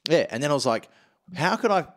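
A man's voice: a little high, very animated, quick pace. A man, hosting a casual comedy podcast, laughing a lot and swearing freely. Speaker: podcast host. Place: podcast studio.

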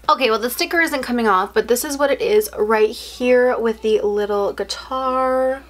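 In this casual unboxing clip, a young non-US woman speaks in a slightly high, fairly bright voice, unhurried yet with hardly any pauses. Every item draws frequent gasps, squeals and gushing from the excited vlogger.

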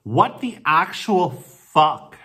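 In a comedy sketch shot at his city home, a man plays a supportive friend talking to the camera. His husky voice sits on the high side, very animated with a sharp tone. He gushes and coaxes sympathetically, stretching out stressed phrases, then erupts in indignant, profane outbursts.

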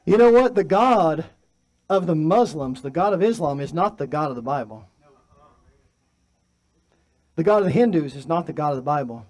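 Male pastor, fairly high voice, preaching in church, moves between forceful emphasis and hushed delivery. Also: expressive, moderate pace, pauses often. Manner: preaching with swings from loud emphatic to soft and quiet. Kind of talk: sermon. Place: church sanctuary.

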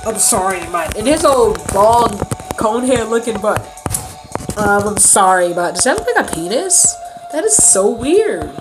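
A woman's voice: mid-range voice, big pitch swings, unhurried, rough recording. Indignant woman telling a storytime. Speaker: vlogger. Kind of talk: casual storytime vlog. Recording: music playing behind voice.

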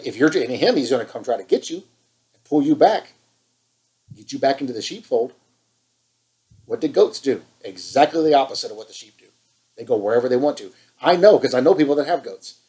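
Man, preacher, impassioned online sermon, scolding, emphatic repetition, medium pitch. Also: warm tone, low-quality recording.

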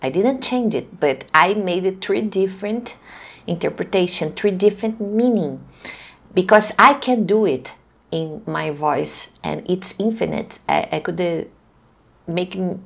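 Slow, gravelly woman teaching a voice class. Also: fairly low pitch. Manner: slow, deliberate teaching with frequent restarts. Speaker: voice coach. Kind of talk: online class lecture.

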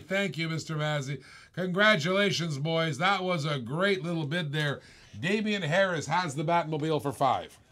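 A man's voice: fairly high pitch, a bit bright. A man hosting a live-stream auction, calling bids with playful, teasing, hyped-up patter. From Australia.

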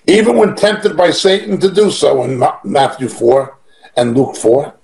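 Verse by verse, a man whose voice sits high and a little mellow teaches from a Bible passage. He reads the verses out and stresses points emphatically through repetition, all on a rough recording.

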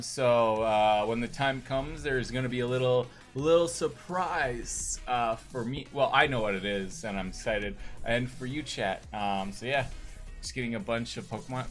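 A man's voice: mid-range voice, fairly bright tone. A man live-streaming a game, chatting casually with viewers in an upbeat, rambling way. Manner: upbeat, greets chat, rambling with restarts. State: hyped on energy drink.

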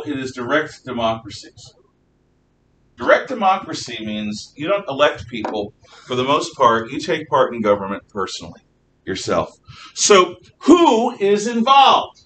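The recording comes from a distant mic in an echoey classroom with a low, faint rumble. In it, a man delivers a lively history lecture full of opinions, sometimes pausing to spell words out slowly.

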